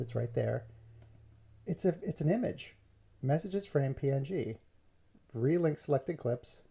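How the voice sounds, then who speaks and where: A man with a gravelly voice runs a casual live stream from his computer. He chats with viewers and greets them by name, and he mutters to himself as he edits, with a mid-range pitch and some fry at the ends of his phrases. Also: dark tone, slight background noise. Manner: chatty, talks to himself while working, greets viewers by name. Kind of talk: casual live-stream chat while editing.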